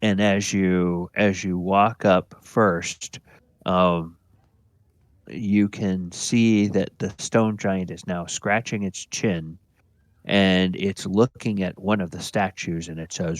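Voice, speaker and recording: A man narrates a tabletop game as its dungeon master, describing the scene at an unhurried pace. He talks in a low voice and fills his pauses with ums and uhs. The recording is dry. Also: no echo. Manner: relaxed, unhurried, with many fillers.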